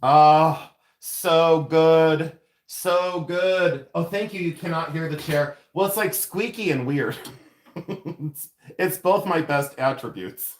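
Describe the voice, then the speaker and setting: In his jewelry studio, a silversmith runs a livestream demo, joking with the chat and laughing a lot. His voice is on the high side and he speaks slowly.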